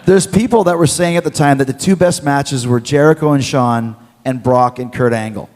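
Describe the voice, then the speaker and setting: Animated male storyteller with hall reverb. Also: mid-range voice, moderate pace. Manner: lively, acts out quotes, swears. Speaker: interview guest, former wrestler.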